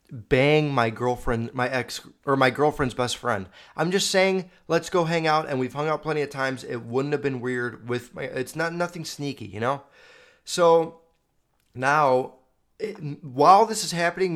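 A man's voice: medium pitch, a bit bright. A young man hosting a podcast, telling stories in a rambling, profane, self-correcting way. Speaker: podcast host. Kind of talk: casual storytelling monologue. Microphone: video podcast mic.

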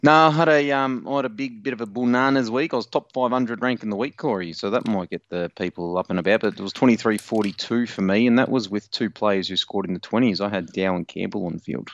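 A man's voice: on the low side, quick pace, few pauses, no room sound, lo-fi sound. A man co-hosting a casual sports podcast, rambling through a story and swearing a lot. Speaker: podcast co-host.

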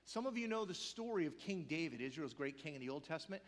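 A man delivers a sermon as pastor, his voice sitting fairly high for a man. He builds to loud, emphatic peaks and then sinks into hushed, near-whispered quotes. The sound rings with the long reverb of a large sanctuary. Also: animated, fast talker.

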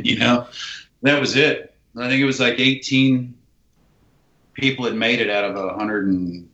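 A man's voice: mid-range voice, moderate pace, pushed and bright. A man, an army veteran guest, telling a story in casual talk, acting out dialogue and swearing casually. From United States. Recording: roomy, dull lo-fi sound.

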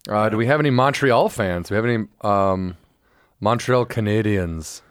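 Excitable rambling man, dry close mic. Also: on the low side, normal speed, no room sound. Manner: rambling, excitable, bursts into shouted impressions. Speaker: podcast co-host. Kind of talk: casual chat.

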